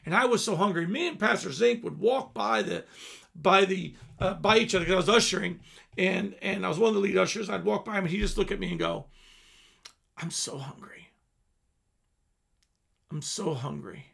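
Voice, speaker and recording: A man's voice: high-pitched, quick pace, gravelly, a bit bright, husky. A man in his fifties preaching an earnest sermon, dropping at times to near-whispers. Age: 50s. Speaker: pastor.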